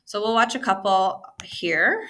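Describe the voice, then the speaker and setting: A woman's voice: mid-range voice, big pitch swings, a little slow, pushed and bright. Encouraging woman teacher talking to a class. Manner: encouraging, conversational, with fillers. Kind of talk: classroom lesson.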